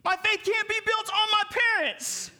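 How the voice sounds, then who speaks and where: A man's voice: very high voice, sing-song, normal speed, sharp tone. A male pastor preaching a sermon, calling on the congregation to respond and rising to emphatic peaks.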